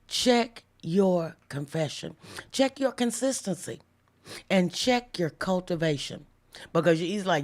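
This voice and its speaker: A woman hosting a live devotional stream, talking casually with viewers and slowing down to stress key lines. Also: on the low side, darkish tone. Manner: chatty, reads viewer comments aloud, slows down for emphatic lines. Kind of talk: casual livestream devotional preaching.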